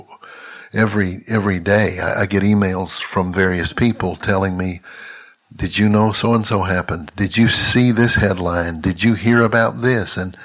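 An older man delivering a monthly teaching message as a ministry leader, earnest and halting, often restarting his words. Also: on the low side.

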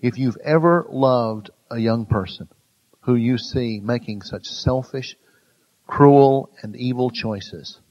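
A man teaching a Bible study in an earnest way, growing louder and slower to stress key phrases. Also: mid-range voice, low-quality recording.

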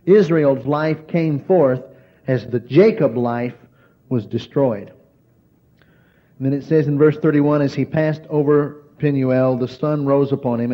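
A man preaching a sermon. He slows down to stress key words and drops to a hushed voice when he tells a story. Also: medium pitch. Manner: slow, emphatic preaching that drops to a hushed voice for stories. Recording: dull lo-fi recording.

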